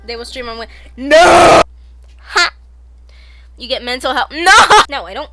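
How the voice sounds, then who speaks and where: A woman streaming games as a vtuber, giggling and breaking into loud, chaotic outbursts. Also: high-pitched, normal speed, pauses often. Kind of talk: casual game stream chatter.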